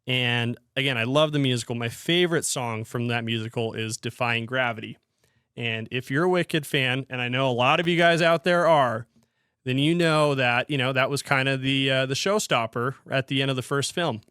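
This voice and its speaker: A man's voice: medium pitch, normal speed, sharp tone, clean tone, dry recording, studio quality. A man hosting a casual solo hockey podcast, rambling with frequent restarts and fillers. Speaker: podcast host.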